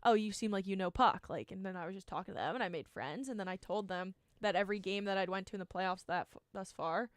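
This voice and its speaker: A woman of about twenty co-hosting a casual sports chat, telling stories in an animated way with lots of fillers. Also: mid-range voice, fast talker, hardly any pauses, no room sound. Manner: animated storyteller, filler-heavy. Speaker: sports show co-host.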